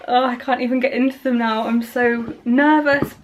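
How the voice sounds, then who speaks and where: A woman author vlogging at home into a camera mic, talking in a slow, halting, emotional way. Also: fairly high pitch, steady tone, muffled recording, heavy background noise. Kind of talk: casual vlog unboxing.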